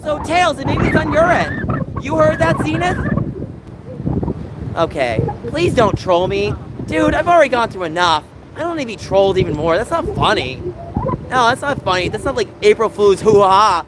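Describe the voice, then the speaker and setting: Upset high-voiced man streaming from city streets. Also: big pitch swings, moderate pace. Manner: distressed, pleading rants to chat. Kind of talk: live-stream vlog talking to chat. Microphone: phone. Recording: phone stream with loud street noise.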